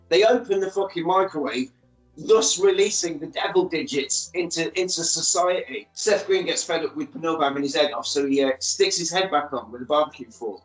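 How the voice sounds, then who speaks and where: A man's voice: on the high side, normal speed, reverberant, faint music behind, poor audio. A man, casually recapping a film's plot and acting out the characters' lines as a podcast co-host.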